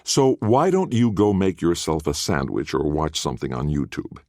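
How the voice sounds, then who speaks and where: A blunt, worldly woman teases and needles with a sardonic edge, her voice rising and falling in lively swings, as a man puts her on for an audiobook. The sound is dry, with no room echo. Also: extremely low pitch, normal speed, full character voice. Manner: sardonic, teasing. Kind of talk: audiobook character voice.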